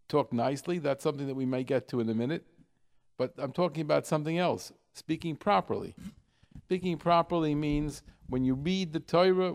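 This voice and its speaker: A man from New York hosting a radio talk show, explaining in a halting way full of fillers and drawing out example words slowly. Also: mid-range voice, vocal fry.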